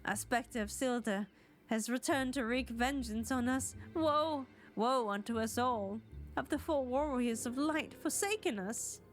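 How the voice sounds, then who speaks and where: A woman voicing a frantic, grieving old mother, wailing and melodramatic with a rough put-on accent. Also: on the high side, unhurried, natural voice. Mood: mournful.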